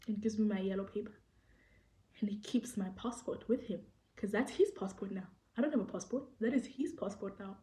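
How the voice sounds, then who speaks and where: A young South African woman with a South African accent, telling a story to the camera in an animated, excitable way and acting out what people said. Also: medium pitch, a little fast. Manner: animated, excitable storytelling, acts out quoted people, repeats phrases. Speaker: vlogger. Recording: echoey room.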